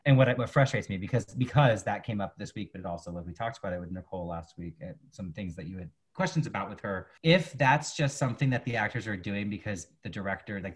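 Fast-talking husky man reviewing TV. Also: fairly low pitch. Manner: rambling, restarts often, animated retellings. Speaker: podcast co-host. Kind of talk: casual chat reviewing TV.

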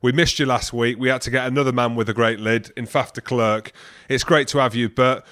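Man, podcast co-host, bantering, rambling, mid pitch, dry close sound. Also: steady tone, fairly quick, a bit bright, clean tone, no room sound. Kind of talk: casual chat.

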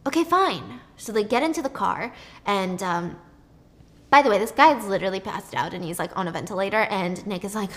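A young woman casually retelling a story in a chatty, quick way, swearing now and then. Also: mid-range voice, a bit bright.

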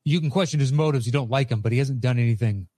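A man's voice: mid-range voice, rapid-fire, warm tone, no room sound, studio quality. A man co-hosting a casual movie chat, recapping plots in a rambling way with filler words. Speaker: podcast co-host.

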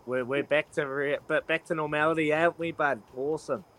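A man's voice: a little high, steady tone, fairly quick, a bit bright. A man hosting a breakfast radio quiz, cheery and matey as he counts down the answers.

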